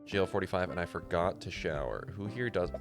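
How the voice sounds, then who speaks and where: A man's voice: deep voice, expressive, fairly quick, music in the background. A man from Canada streaming a puzzle game, rambling and joking with casual swearing as he plays. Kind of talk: casual gameplay commentary.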